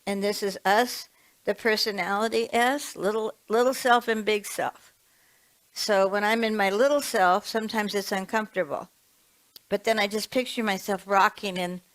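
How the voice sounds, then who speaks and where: Casting: reverend in her seventies, woman, chatty sermon delivery, middle-pitched voice. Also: poor audio. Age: 70s. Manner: warm chatty storytelling with laughs.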